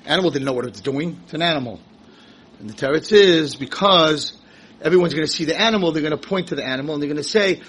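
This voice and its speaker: A male rabbi delivering a Torah lecture with big emphatic swings, firing rhetorical questions at his listeners and breaking into shouts. His voice sits high and bright, with a husky grain. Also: fast talker, low-quality recording. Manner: animated, emphatic, rising to shouts; rhetorical questions, acts out quotes. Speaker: rabbi teaching a Torah class.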